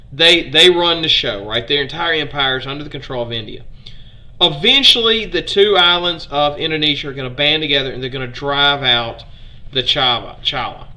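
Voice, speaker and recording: A man's voice: on the high side, bright, forceful tone. A man from Alabama with a Southern accent, hosting a casual live history stream, chatting with viewers, putting questions to them and stumbling over foreign names.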